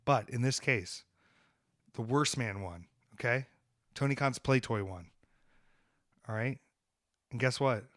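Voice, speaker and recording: A man hosting a podcast, ranting and joking in brash, comic trash talk, switching between loud outbursts and muttered asides. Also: mid-range voice, unhurried, long pauses, no room sound, clean studio sound. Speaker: podcast host and wrestler. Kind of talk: casual podcast chat.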